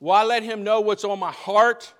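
A man voicing a timid young queen within his sermon, speaking in his own high voice. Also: fairly even intonation, moderate pace, a bit bright. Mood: hesitant.

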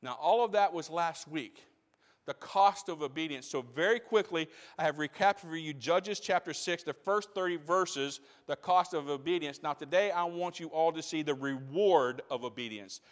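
High-voiced preacher man in a reverberant hall. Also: moderate pace. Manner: preaching with rising intensity and repeated phrases. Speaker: pastor. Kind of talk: sermon.

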